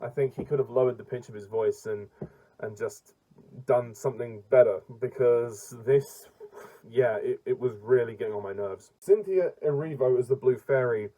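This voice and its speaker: A man in a casual film-review rant, mellow and warm in tone, blunt and exasperated as he trips over his words and starts again. His pitch sits at an ordinary middle height for a man. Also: moderate pace, poor audio. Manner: blunt and exasperated, with frequent restarts and stumbles.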